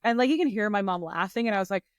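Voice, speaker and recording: A woman's voice: medium pitch, expressive, rapid-fire, no echo. A woman co-hosting a podcast, telling a story in casual chat and acting out the quotes with self-mocking humor. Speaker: podcast co-host.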